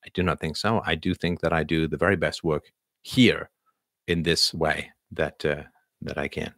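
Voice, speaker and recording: A man's voice: very deep voice, level tone, moderate pace, fairly bright tone, dry recording, studio quality. A man hosting a casual livestream, answering viewer questions while thinking aloud with many fillers.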